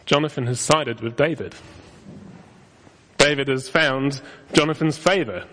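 A man preaching an expository sermon, telling the story with lively emphasis on quoted lines. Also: mid-range voice, a little slow. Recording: long hall reverb.

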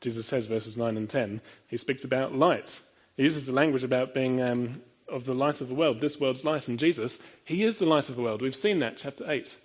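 A man's voice: mid-range voice, brisk, few pauses, husky, muffled recording. A man preaching a sermon in an earnest, emphatic way, often asking his listeners rhetorical questions.

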